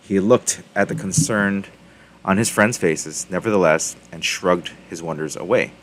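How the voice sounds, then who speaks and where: A man's voice: sits low, unhurried, fairly bright tone, a little hiss or hum. A man hosting a crypto mining video, casually chatting and reading a children's story aloud with ums and self-corrections.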